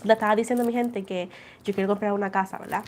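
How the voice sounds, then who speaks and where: A tarot reader livestreams, chatting directly with her audience and calling them "guys" and "girl." Her middle-pitched voice moves very fast as she tells lively little stories and repeats each point a second time, with a little hiss or hum in the recording.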